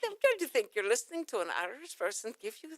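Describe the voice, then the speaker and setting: A woman's voice: fairly high pitch, huge pitch swings, fast talker, no room sound. A woman hosting a casual radio talk show, chatty and laughing often, who likes to play with accent impressions.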